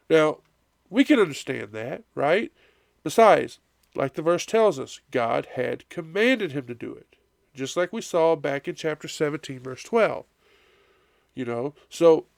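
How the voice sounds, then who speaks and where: Male pastor, congested and coughing, gravelly and unhurried, dry close sound. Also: on the high side, dry recording. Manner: conversational preaching with frequent "right?" asides. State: congested, coughing and blowing nose. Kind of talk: sermon.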